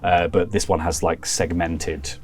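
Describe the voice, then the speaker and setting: A man's voice: deep voice, little pitch movement, measured pace, a little mellow. A man narrating as game master of a tabletop horror game, describing scenes loosely and vividly. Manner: loose, vivid, full of fillers.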